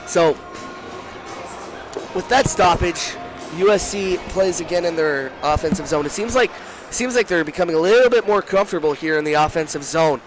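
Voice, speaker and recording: Over music, a young man with a high-ish voice calls live hockey from a rink booth. He's quick, breaks into shouts whenever there's a rush, and often stops to correct himself as the play-by-play goes on.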